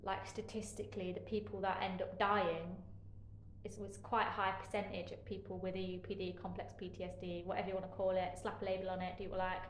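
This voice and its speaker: A woman recounts her experiences candidly, pausing and hedging with fillers as she goes. A sarcastic edge creeps into her frankness. Her voice carries an echoey room sound with faint background noise. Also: medium pitch, flat delivery. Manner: frank, halting, with many fillers. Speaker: interviewee sharing care experiences. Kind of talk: candid personal account.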